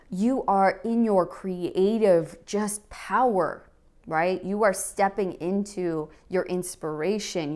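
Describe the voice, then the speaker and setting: A woman giving an animated, encouraging tarot card reading to camera, often checking in with "okay?". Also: lowish voice. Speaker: tarot reader.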